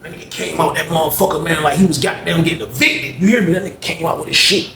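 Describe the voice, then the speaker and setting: A man telling a story in a casual, animated, slangy and profane way, acting out scenes. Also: on the high side, fast, vocal fry, echoey room, crowd noise.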